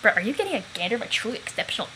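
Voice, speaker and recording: Girl doing a loud bragging young dude, quaint exclamations, bright high voice. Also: big pitch swings, rapid-fire, slight background noise, low-quality recording. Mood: boastful. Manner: loud, bragging, mock-old-fashioned exclamations. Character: brash boastful young man showing off muscles.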